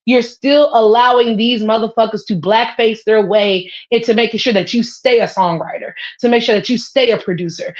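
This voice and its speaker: Woman ranting, profane and high-pitched. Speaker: podcast co-host. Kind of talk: casual chat. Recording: dull lo-fi sound.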